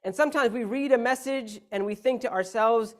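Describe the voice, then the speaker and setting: A man's voice: very high voice, a little fast, a bit bright. A man giving a Friday sermon in a mosque hall, speaking emphatically, asking rhetorical questions and shifting the stress between words. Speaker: preacher.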